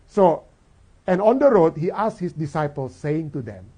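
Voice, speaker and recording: Husky pastor, high lively voice. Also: male voice, normal speed. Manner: preaches in English, then repeats in Indonesian; asks the hearers questions; swings from soft, trailing phrases to loud, stressed lines. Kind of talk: bilingual sermon.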